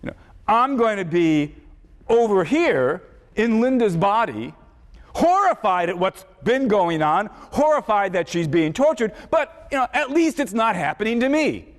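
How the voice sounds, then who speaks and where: A male philosophy professor giving a university lecture, halting and repeating words, with many fillers. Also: high-pitched, very animated. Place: large lecture hall. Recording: echoey lecture hall.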